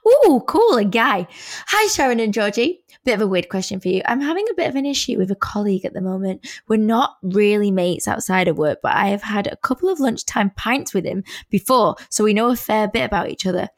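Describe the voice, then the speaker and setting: An English woman co-hosting a podcast in casual chat, playful and quick to act out voices. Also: medium pitch, expressive. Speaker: podcast co-host.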